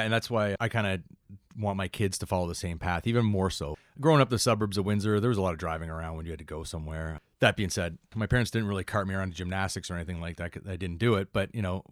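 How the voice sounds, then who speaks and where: Man, low voice, quick talker, rambling anecdotes, casual interview, dry close sound. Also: no echo. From Canada. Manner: relaxed, rambling anecdotes with many asides. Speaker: firefighter and instructor, guest.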